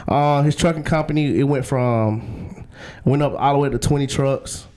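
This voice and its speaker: A young man telling a long personal story as a guest in a casual interview, slangy and animated, often acting out what others said. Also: medium pitch, normal speed.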